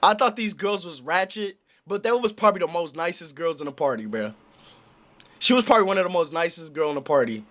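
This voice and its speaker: A man's voice: fairly high pitch, lively intonation, a little fast, fairly bright tone. A young man streaming, telling a casual story in slang, rambling and talking to his chat. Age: young adult. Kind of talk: casual story time on a livestream.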